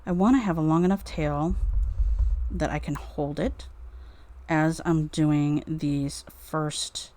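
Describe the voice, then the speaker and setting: A woman's voice: low voice, fairly even intonation, takes it slowly, dark tone. A woman streaming a live craft demo, muttering to herself while she works.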